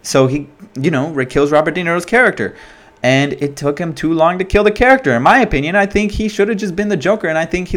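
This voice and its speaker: A man hosting a casual solo commentary, talking in an animated way with lots of swearing, fillers and restarts. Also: fairly high pitch. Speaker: podcast host.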